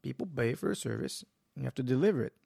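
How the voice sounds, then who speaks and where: Man, gravelly voice, casual storytelling, animated, dry close sound. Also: medium pitch, racing, no room sound. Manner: animated, acts out quotes, swears. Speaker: guest, jiu-jitsu school owner.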